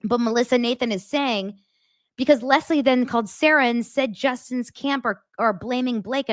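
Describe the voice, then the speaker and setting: A woman hosting her own show, chatting casually as she reads out text messages and acts out the quoted lines with big jumps in pitch. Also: no echo, studio quality. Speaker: host. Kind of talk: casual commentary reading texts aloud.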